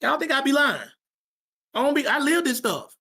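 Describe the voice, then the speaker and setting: A man's voice: very high-pitched, very animated, moderate pace, pushed and bright. A man teaching a Sabbath class to young people, talking in an emphatic, slangy way and repeating his points for stress. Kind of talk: informal preaching to young people.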